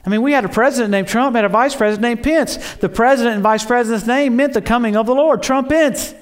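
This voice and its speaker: Male preacher, high voice, excitable, storytelling sermon. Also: quick pace. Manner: excitable, storytelling, acts out quotes with laughs.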